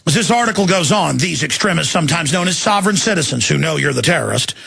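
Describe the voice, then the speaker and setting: A man hosting a talk show, delivering an impassioned, ranting monologue that swings into shouting and slow, emphatic stresses. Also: on the high side, expressive, vocal fry, soft background music. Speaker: radio talk show host.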